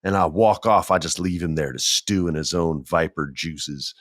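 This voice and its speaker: Deep-voiced man telling animated stories. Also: moderate pace, no room sound, studio quality. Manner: animated, acts out quotes with big jumps in pitch, laughs often. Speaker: podcast host. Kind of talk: casual storytelling.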